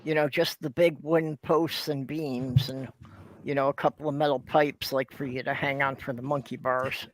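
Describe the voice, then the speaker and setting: A man's voice: medium pitch, flat delivery, moderate pace, rough recording. A man chatting casually on a talk show, reminiscing in an easygoing way. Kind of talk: casual chat.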